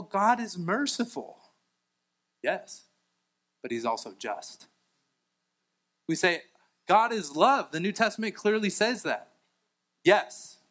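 A man preaching a sermon with a bright, forceful voice pitched a little high. He reads scripture aloud between plain talk, with fillers and restarts. He swings between raised, emphatic lines and low, quiet ones. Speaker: pastor.

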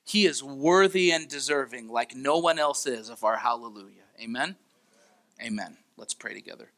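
A man's voice: medium pitch, animated, normal speed, a bit bright. A man preaching a sermon as pastor, earnest and pleading, often repeating his phrases.

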